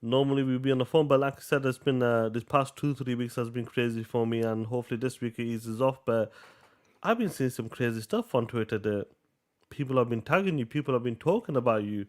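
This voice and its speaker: A man co-hosting a casual gaming podcast, bantering excitedly in slang. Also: mid-range voice, brisk. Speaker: podcast co-host.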